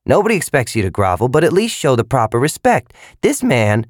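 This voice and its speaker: A man voicing an angry curly-haired young man who speaks loudly and insistently. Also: mid-range voice, huge pitch swings, fairly quick, no room sound, studio quality, voice pushed up. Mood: indignant. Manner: loud, insistent.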